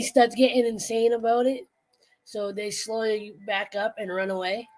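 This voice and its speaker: A woman's voice: fairly high pitch, little pitch movement, normal speed, darkish tone. A woman hosting a casual late-night livestream, chatting in a rambling way with many restarts. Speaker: livestream host.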